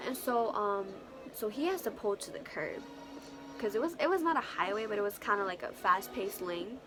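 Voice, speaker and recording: A young woman vlogger telling a story casually, animated and profane, full of slang and acted-out quotes. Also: medium pitch, normal speed, over music.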